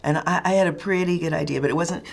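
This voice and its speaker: Woman director at a press junket, fry in her voice, thinks out loud slowly. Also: fairly low pitch. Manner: reflective, searching for words with many fillers. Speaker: film director.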